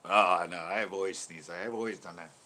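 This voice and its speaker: A man's voice: low voice, steady tone, quick pace, pushed and bright, slight background noise. A man hosting a casual live stream, telling rambling stories, laughing often and reacting to viewer comments. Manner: rambling storyteller who laughs often and reads viewer chat aloud. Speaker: fishing channel host.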